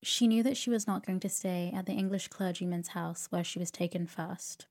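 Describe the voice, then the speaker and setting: A woman narrating a sleep story in a slow, soothing reading voice. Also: fairly low pitch, fairly even intonation, darkish tone.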